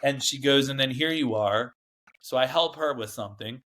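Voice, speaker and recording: A man's voice: mid-range voice, moderate pace, a bit bright. A man, a guest in an interview, recounting his past in a rambling, emphatic way, often acting out what others said. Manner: rambling, emphatic, acts out quoted dialogue. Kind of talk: candid storytelling interview.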